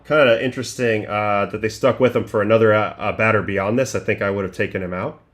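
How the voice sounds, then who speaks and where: A middle-aged man hosting a livestream, casually breaking down baseball pitches one by one and thinking aloud with restarts and fillers. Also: fairly even intonation, quick pace, a bit bright. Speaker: livestream host breaking down game film.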